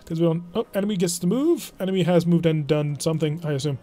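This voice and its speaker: Wry man narrating a game, slightly high. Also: quick pace, mellow, faint music behind. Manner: wry, self-deprecating, chatty. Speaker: gaming channel host. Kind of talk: let's play commentary.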